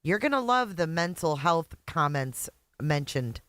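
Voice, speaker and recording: A streamer reacts live to a clip with sarcastic, disbelieving asides and breaks off to greet chat by name. The voice sits at a middle pitch and sounds dry and close to the mic. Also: very animated, unhurried, fairly bright tone, clean tone, dry recording.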